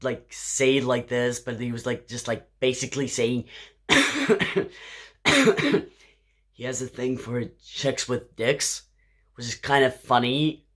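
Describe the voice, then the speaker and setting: A man's voice: medium pitch, slow pace, long pauses, fairly bright tone. A tipsy man telling a rambling story at home late at night, coughing now and then and restarting his sentences. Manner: rambling, with filler words and restarts. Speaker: drag performer vlogging. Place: home, indoors.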